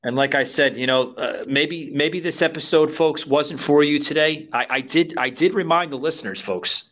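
A man's voice: on the high side, normal speed, fairly bright tone. A man hosting a podcast, talking emphatically and repeating himself as he speaks straight to his listeners. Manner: emphatic, repetitive, addresses listeners as folks. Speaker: podcast host. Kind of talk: casual talk show discussion.

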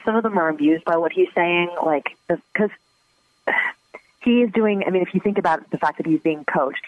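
Slightly high man on a dull call line. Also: no echo. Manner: hesitant, fillers like "like" and "um". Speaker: trial observer interviewed. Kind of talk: casual explanation.

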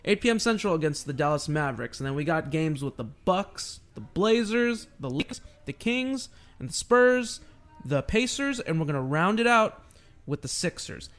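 A young man co-hosting a casual sports podcast, talking in excitable, playful bursts. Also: a little high, normal speed, faint music behind. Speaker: podcast co-host.

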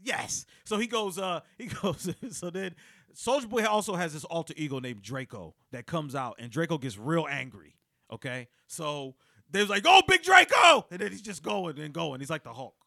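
Male talk host, bright and sharp, dry studio sound, acts out quotes with loud bursts. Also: fairly high pitch, moderate pace, gravelly, no room sound. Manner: excitable storyteller, acts out quotes with sudden loud outbursts. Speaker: radio show host. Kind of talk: animated casual studio banter.

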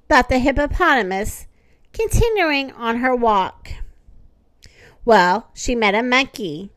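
A woman reading a children's storybook aloud in a gentle, expressive way. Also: fairly high pitch, unhurried, no echo.

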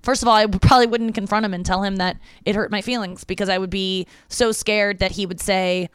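A woman's voice: medium pitch, fairly even intonation, fairly quick, smooth, no room sound, clean studio sound. A young woman hosting a podcast alone, chatting candidly with fillers and frequent swearing as she reads out listener messages. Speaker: podcast host. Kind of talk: casual solo podcast, reading listener messages.

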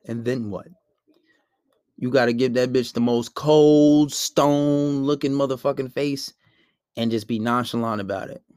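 A man's voice: mid-range voice, fairly even intonation, measured pace, darkish tone, smooth, no room sound, clean studio sound. A man, giving blunt, profane dating advice in a casual monologue and acting out both sides of arguments.

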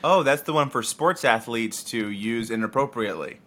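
A man co-hosting a podcast in casual chat, firing off quick, absurd wisecracks. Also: medium pitch, lively intonation, a bit bright. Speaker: podcast co-host.

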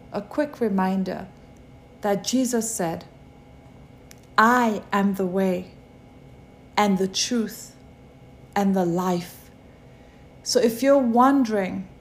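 A woman giving a devotional sermon, preaching slowly with many repeated rhetorical questions. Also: medium pitch, darkish tone. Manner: slow, repetitive rhetorical preaching.

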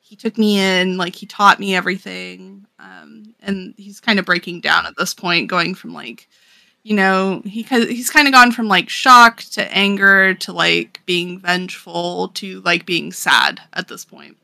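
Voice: medium pitch, fairly even intonation, unhurried, creaky, bright, forceful tone, no room sound. A young adult podcast co-host casually recapping a story, talking in a chatty, filler-heavy way with frequent laughs.

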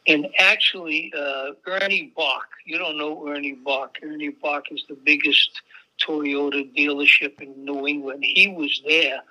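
An older man with a bright, cutting, slightly high voice. He tells salty, rambling anecdotes in a casual interview and slips into the voices of the people in them. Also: steady tone, unhurried, low-quality recording. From Boston area. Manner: swearing, acts out voices in anecdotes. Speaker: jazz saxophonist guest.

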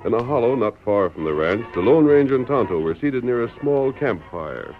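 A man's voice: medium pitch, sing-song, moderate pace, few pauses, faint music behind. A man giving scripted, solemn narration for an old radio drama, heard on a muffled broadcast.

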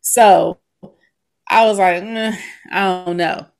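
A woman's voice: medium pitch, fairly even intonation, takes it slowly, creaky, darkish tone. A woman in her thirties, a podcast co-host, telling a story in casual chat and laughing often.

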